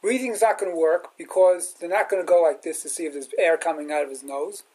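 Animated man telling a sermon story. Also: fairly high pitch, fairly quick, husky, poor audio. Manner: animated storyteller acting out quotes. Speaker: rabbi teacher.

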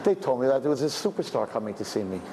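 A man in his fifties telling a story in a religious talk, swinging between quiet asides and loud emphatic bursts. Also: medium pitch, very animated, quick pace. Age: 50s. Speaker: religious teacher. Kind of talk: storytelling lecture. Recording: echoey hall with faint background noise.

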